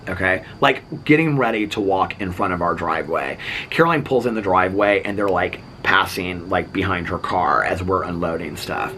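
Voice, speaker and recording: Bright-voiced chatty man telling a story. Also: deep voice, slight background noise. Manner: chatty, animated, acts out other people's lines; filler-heavy, lots of "like" and "so anyway". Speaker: vlogger. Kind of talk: casual storytelling.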